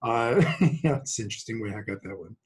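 A Brooklyn, New York man in his sixties speaks as a guest doctor, chatting about his practice in a joking, casual way full of fillers. His voice is lowish and slightly rough, his pace quick, and the recording itself is rough.

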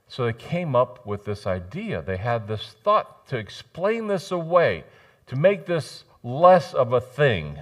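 A male pastor with a drawl delivers a lively sermon in a church. His voice sits at a mid pitch and swings from booming emphasis to hushed asides, with a wry, joking touch. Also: a little slow. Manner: animated, jokey preaching with sudden loud rises and soft drops. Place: church sanctuary.

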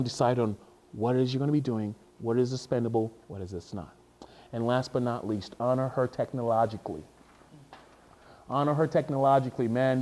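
A man preaching a sermon as a pastor, animated and jokey, often stopping to repeat and restart his words. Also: mid-range voice.

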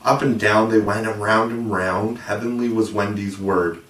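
A man narrating a storybook aloud with expressive, measured delivery, recorded with a roomy, distant mic. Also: fairly low pitch. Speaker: audiobook narrator. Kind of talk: storybook reading.

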